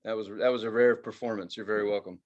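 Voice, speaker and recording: A fast-talking American podcast co-host with a lowish voice rants casually, cursing a lot. He's animated and puts on a raised voice to mock-quote advertisers, and the high frequencies are cut off.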